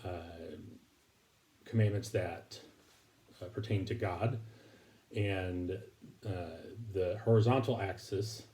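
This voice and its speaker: A man giving a recorded Bible lesson to his congregation, speaking haltingly with many fillers and restarts. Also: low-pitched, fairly even intonation, dark tone. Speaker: preacher.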